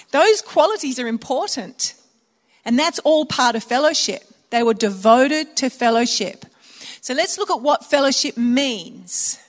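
An older woman preaching to a congregation, her voice sitting a bit high for a woman. She talks in a relaxed, conversational way and drops in chuckling asides. The sound carries a long reverb from the church auditorium. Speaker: pastor. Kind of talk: sermon.

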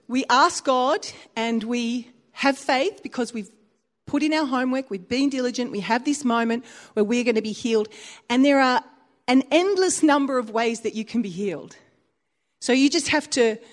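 Animated high-voiced woman preacher. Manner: animated storytelling with big pitch swings and laughter. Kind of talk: sermon. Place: church.

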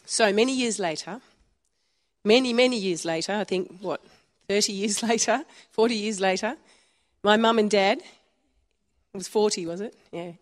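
A woman's voice: mid-range voice, measured pace, long pauses. A woman in her fifties with an Australian accent, preaching a sermon in a chatty storytelling way with frequent chuckles. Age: 50s. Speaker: pastor. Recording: long hall reverb.

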